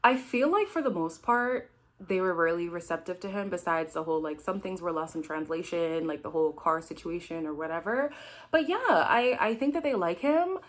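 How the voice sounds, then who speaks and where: A woman's voice: on the low side, animated, moderate pace. A woman hosting a casual recap, talking frankly and chatting straight to her viewers. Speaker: recap host. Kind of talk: casual reaction commentary.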